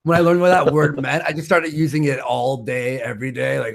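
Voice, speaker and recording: A man's voice: medium pitch, fairly even intonation, brisk, gravelly. A man hosting a casual livestream, joking around and swearing often, with a self-mocking manner.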